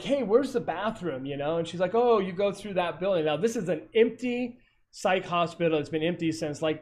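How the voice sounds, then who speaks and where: A man's voice: fairly high pitch, a little mellow. Rambling man telling ghost stories. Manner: rambling, many fillers and self-corrections. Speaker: paranormal investigator. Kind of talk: casual storytelling over a video call. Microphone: video call.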